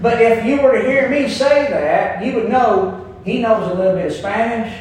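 Folksy Kentucky pastor in an echoey sanctuary. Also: male voice, high voice, moderate pace, darkish tone, slight background noise. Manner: folksy, storytelling, emphatic preaching. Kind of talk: sermon. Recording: echoey room, voice picked up from a distance.

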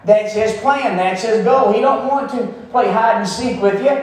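A man's voice: sits high, moderate pace. A man preaching a sermon in a folksy, emphatic way, repeating phrases for stress. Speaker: pastor. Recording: very echoey room, mic far off.

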